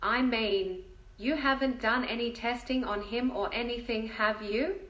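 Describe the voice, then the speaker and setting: A woman's voice: on the high side, a little slow, fairly bright tone, reverberant, lo-fi sound. A woman reading the lines of a distressed pet owner who pleads and protests. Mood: pleading.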